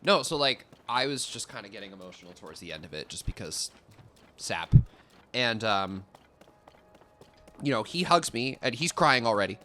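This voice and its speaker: A man's voice: on the low side, lively intonation, moderate pace, pushed and bright, faint music behind. A young man chatting casually while he streams a game, rambling with many fillers and swearing now and then at what happens on screen. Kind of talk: casual chat while gaming.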